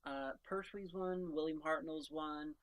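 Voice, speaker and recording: A woman's voice: low-pitched, measured pace. Woman rambling through fan analysis. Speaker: podcast co-host. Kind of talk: casual chat.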